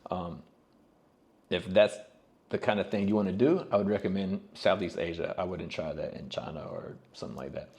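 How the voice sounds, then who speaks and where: In a casual vlog, a Kentucky man in his forties answers viewer questions in a deep, slightly mellow voice at normal speed. He has a faint Southern accent and is blunt and plain-spoken, laughing things off.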